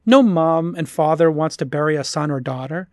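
A man's voice: on the high side, normal speed, darkish tone, dry recording, studio quality. A middle-aged American man on a podcast, ranting in a heated, profane, emphatic way. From United States. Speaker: podcast guest.

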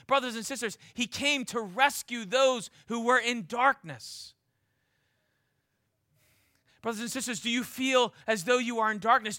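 A man preaching a sermon with passion, pressing his listeners with repeated rhetorical questions and stumbling into quick restarts. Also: very high-pitched, bright, forceful tone, no room sound, clean studio sound.

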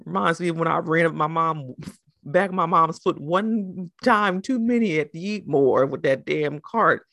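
A woman with a South Jersey accent, a podcast co-host who swears freely and tells animated, colorful asides. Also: sits low, normal speed, gravelly, no echo, clean studio sound. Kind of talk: casual chat.

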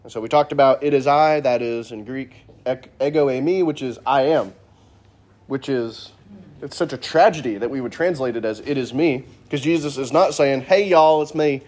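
A man's voice: mid-range voice, normal speed, darkish tone. A man teaching a casual Sunday Bible class in a church classroom, joking and asking the class questions.

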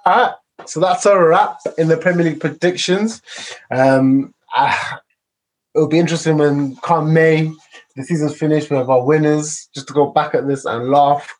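A man's voice: fairly high pitch, steady tone, normal speed, low-quality recording. A man hosting a casual football podcast, laid-back and rambling with many fillers. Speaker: podcast host.

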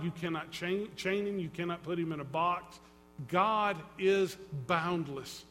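A man preaching a sermon as pastor, dramatic, swinging between loud and hushed and acting out quotes. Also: sits high, slight background noise. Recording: long reverb in a hall.

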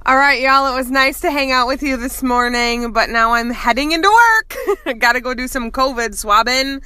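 A man leaving a voice message for a show, speaking in a warm, affectionate way. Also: very high voice, moderate pace, clean tone, no echo. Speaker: listener sending a voice message.

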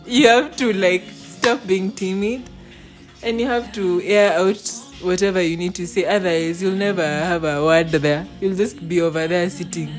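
Young woman, lively storyteller who acts out quotes, a little low, with faint music behind. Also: normal speed. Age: young adult. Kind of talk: casual chat, storytelling.

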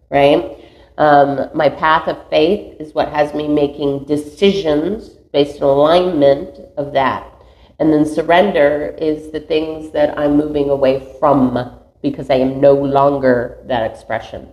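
A woman with a low voice talks through her inner practice in a meandering, earnest way and laughs at herself now and then. Her voice rings in a roomy space, and the recording sounds a little dull. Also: steady tone, measured pace. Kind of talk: reflective spiritual monologue.

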